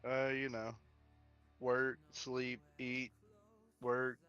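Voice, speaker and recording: A man's voice: medium pitch, monotone, drawn-out words, fairly bright tone, smooth, lo-fi sound, faint music behind. A man chatting casually as a guest on a gaming stream, easygoing with short replies. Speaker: co-host guest.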